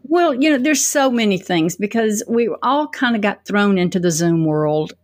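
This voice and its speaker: A woman's voice: medium pitch, animated, normal speed, no echo, clean studio sound. A woman answering interview questions as a public speaking coach, telling stories energetically with quoted asides.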